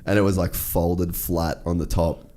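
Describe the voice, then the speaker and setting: A man's voice: low-pitched, level tone, unhurried, dark tone. A young Australian man telling a story in casual chat, laid-back and swearing freely. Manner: laid-back, swears often, says "dude".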